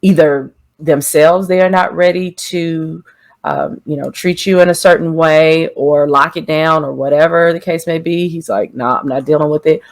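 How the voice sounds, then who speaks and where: A woman's voice: low voice, fairly even intonation. Reflective woman co-hosting a podcast. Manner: reflective, quick asides, lots of affirming "mm-hmm". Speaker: podcast co-host. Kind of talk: casual chat.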